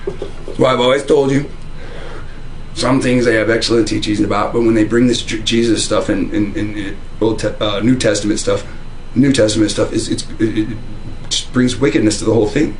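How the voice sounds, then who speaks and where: At home indoors, a religious video commentator talks to camera in a casual, heated, rambling monologue about religion, restarting and repeating phrases often. His lowish voice stays fairly even at a moderate pace. The recording is rough, with slight background noise.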